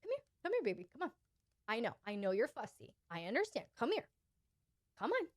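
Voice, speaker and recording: A woman's voice: fairly high pitch, huge pitch swings, brisk, no echo, clean studio sound. A woman voicing a doting adult caregiver who gushes and coaxes. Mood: soothing coaxing. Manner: gushing, soothing coaxing.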